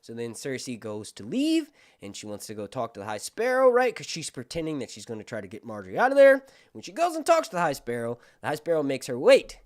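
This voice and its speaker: A man's voice: medium pitch, fast, few pauses. A man hosting a casual livestream, talking in a chatty way and swearing freely. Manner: animated, profane, chatty. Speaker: YouTube host.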